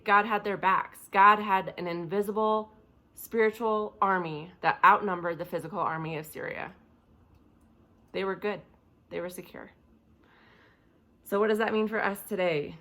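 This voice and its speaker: A woman's voice: mid-range voice, steady tone, measured pace, pushed and bright. A young woman giving a chapel devotional, reading scripture aloud and then explaining it in a casual, vivid way. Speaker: chapel speaker. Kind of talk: devotional talk.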